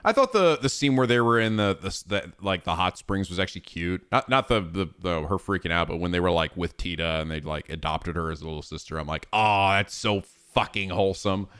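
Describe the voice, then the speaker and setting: A man streaming games, chatting casually in a rambling, profane and animated way. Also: low-pitched, a little fast, few pauses, smooth, no room sound, studio quality. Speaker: game streamer. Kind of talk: casual chat.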